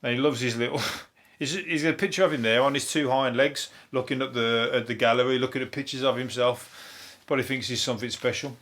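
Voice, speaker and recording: A man's voice: medium pitch, fairly even intonation, a little fast, fairly bright tone. A man with a Birmingham accent hosting a casual solo podcast, rambling loosely, swearing often and chuckling to himself. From Birmingham, England. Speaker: podcast host and comedian.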